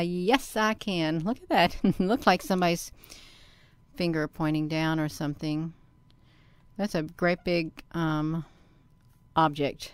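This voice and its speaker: Lady talking through her screen, keeps calling herself by name, gets loud and excited, dry close sound. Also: deep voice, slow pace, long pauses, clear, resonant tone, no room sound. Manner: excitable, bursts into loud exclamations; talks to herself by name and to viewers. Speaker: channel host. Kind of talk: casual screen-share commentary.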